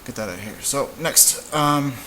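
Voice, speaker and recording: A man teaching a casual whiteboard lesson, relaxed and halting, with frequent fillers and restarts. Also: medium pitch, noisy background. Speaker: Spanish teacher.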